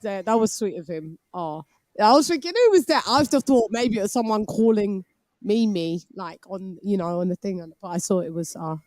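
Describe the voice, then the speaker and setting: A woman's voice: medium pitch, normal speed, a little mellow. A woman hosts a casual live boxing call-in stream in a playful, giggly way. She teases her viewers and drops in Spanish phrases. Her voice sits in the middle range, and it is recorded dry with no room echo.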